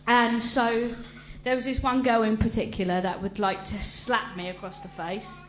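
A woman giving an emotional personal testimony to a congregation, talking earnestly and haltingly with frequent restarts. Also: on the high side, faint music behind. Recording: roomy echo with faint hum.

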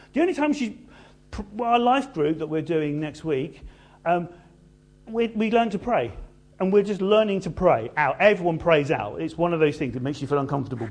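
A man preaching a sermon in an animated, conversational way with playful asides. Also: high-pitched.

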